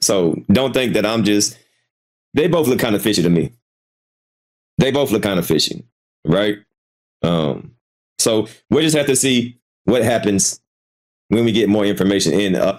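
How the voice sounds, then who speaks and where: A man hosting a casual live commentary stream, hesitant and repeating himself, swearing freely as he reacts. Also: fairly low pitch. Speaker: commentary channel host.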